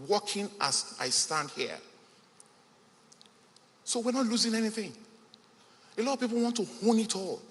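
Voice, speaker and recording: A man's voice: sits high, a bit bright. A man giving an emphatic motivational speech at a business event in a large hall, repeating key phrases for weight. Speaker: conference speaker. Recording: echoey hall with faint ambience.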